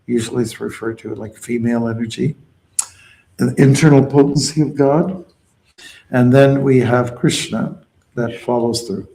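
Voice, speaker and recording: A man's voice: mid-range voice, steady tone, moderate pace, gravelly, warm tone, low-quality recording. A man teaching a devotional mantra, explaining it patiently and calling out chant lines for a group to repeat. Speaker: devotional teacher leading kirtan. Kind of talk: call-and-response mantra teaching.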